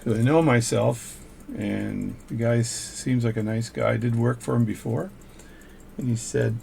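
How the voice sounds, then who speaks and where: Gravelly older man narrating watch repair. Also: medium pitch, fairly even intonation, moderate pace, a little mellow, a little hiss or hum. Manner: casual, chatty, thinks aloud between tasks. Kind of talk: narrating repair work as he goes. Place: home workshop.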